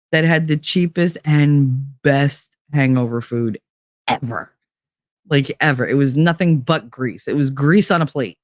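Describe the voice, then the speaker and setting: A middle-aged woman from Hoboken, telling personal stories in a blunt, profane, animated way as a podcast host. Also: low voice, no echo, studio quality. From Hoboken, New Jersey. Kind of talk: casual storytelling.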